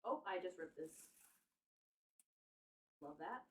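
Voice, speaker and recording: A woman's voice: fairly low pitch, expressive, slow pace, recorded from a distance, a little hiss or hum. A young woman chatting casually with her live-stream viewers. She swears freely and laughs often. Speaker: livestreamer. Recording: echoey room, voice off-mic.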